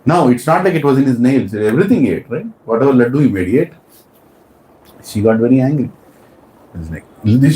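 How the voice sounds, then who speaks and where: A man telling a sacred story as a preacher in a temple hall, animated and asking his listeners questions. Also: medium pitch, a little fast, pauses often, slight background noise. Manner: animated, asks the audience questions. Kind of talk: storytelling sermon. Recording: roomy hall with faint ambience.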